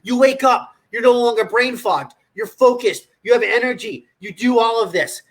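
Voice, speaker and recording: A man's voice: very high voice, moderate pace. A man hosting a livestream, coaching in a blunt, profane, scolding manner. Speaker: nutrition coach.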